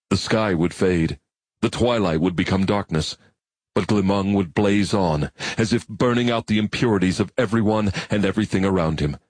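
Low, husky male narrator, measured read, dry close sound. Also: darkish tone, no room sound. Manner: measured, reflective reading. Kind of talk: audiobook narration.

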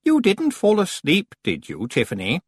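A man voicing a prim, fussy young witch girl in a high, affected voice. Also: huge pitch swings, normal speed, no echo, studio quality, full character voice. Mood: falsely playful.

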